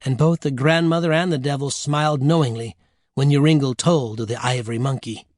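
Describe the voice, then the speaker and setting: A man narrating an audiobook with measured, wry storytelling. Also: mid-range voice, fairly even intonation, darkish tone, dry recording, clean studio sound.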